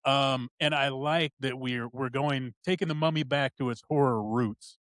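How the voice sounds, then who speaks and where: A man's voice: medium pitch, fairly even intonation, normal speed, a bit bright, no room sound. A man co-hosting a casual podcast, blunt, profane and laid-back. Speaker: podcast co-host.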